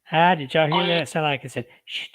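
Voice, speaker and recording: A man, gently asking questions of a spirit he thinks is in a doll during a casual paranormal session. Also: a little high, steady tone, brisk. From Alabama. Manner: soft-spoken, coaxing questions to a spirit. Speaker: paranormal vlogger.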